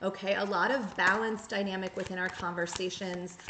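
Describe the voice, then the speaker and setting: A woman reads tarot for her viewers in an earnest, coaching tone, now and then acting out the inner voices she quotes. Her voice sits at an ordinary middle pitch. The room is echoey, with a faint hiss behind her. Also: steady tone, normal speed. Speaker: tarot reader. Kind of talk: direct-to-camera tarot reading.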